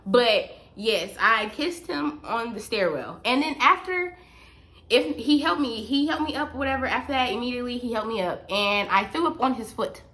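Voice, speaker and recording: A woman's voice: a little high, expressive, normal speed, fairly bright tone. A young woman telling a personal story on her vlog, emphatic and repetitive, talking straight to her viewers. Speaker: vlogger.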